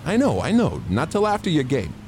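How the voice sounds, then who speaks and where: A man's voice: a little high, wildly swooping pitch, a little fast, darkish tone, a little hiss or hum, pitched above the performer's own voice. A man doing a goofy, eager sidekick.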